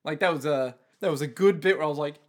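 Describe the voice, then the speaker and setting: A young man co-hosting a podcast in casual chat, animated, swearing and acting out reactions. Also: on the high side, quick pace. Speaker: podcast co-host.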